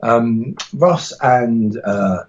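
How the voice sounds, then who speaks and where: A man's voice: mid-range voice, animated, drawn-out words, highs cut off. A man talking casually as a podcast guest about teaching martial arts, rambling and enthusiastic, with frequent restarts and laughs.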